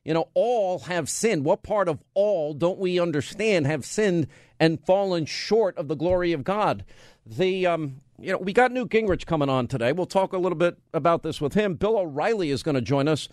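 A man's voice: high voice, lively intonation, normal speed, a little mellow, dry recording. A man hosting a talk radio show, firing off rhetorical questions and bantering with his studio crew. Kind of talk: conservative talk radio monologue. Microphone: studio mic.

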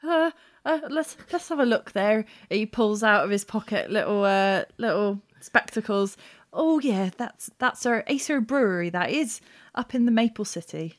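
Woman putting on a rustic farmer guy, rambling, homely sayings, even middle pitch. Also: moderate pace, natural voice. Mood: chatty. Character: folksy old-fashioned male farmer, chatty and defensive.

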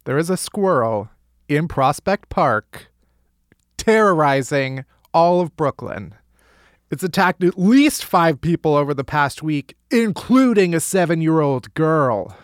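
A man's voice: on the high side, lively intonation, measured pace, no echo, clean studio sound. A man hosting a casual comedy news roundup, sarcastic and profane, laughing often. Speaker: comedy podcast host.

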